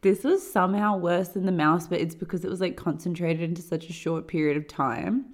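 A woman, co-hosting a podcast and telling a story in a fast, animated way with lots of fillers. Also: fairly low pitch. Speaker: podcast co-host. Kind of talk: casual chat.

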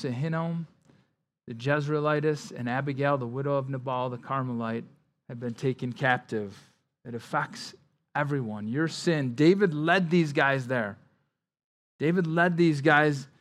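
Delivering a Bible-study sermon, this man pastor speaks in a conversational style full of "like" and "right?" asides and repeated words. His voice turns low and quiet on somber lines, then grows louder when he emphasizes a point.

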